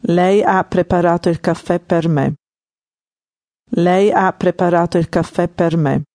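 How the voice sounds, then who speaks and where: A native speaker giving the model answers in an audio lesson, saying each phrase clearly twice. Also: mid-range voice, steady tone, moderate pace, darkish tone, dry recording, clean studio sound. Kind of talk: slow repeated example phrases.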